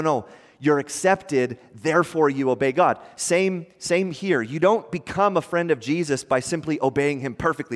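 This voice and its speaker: A man preaching a sermon as a pastor, conversational and animated, often asking the congregation rhetorical questions. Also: on the high side, in a large hall.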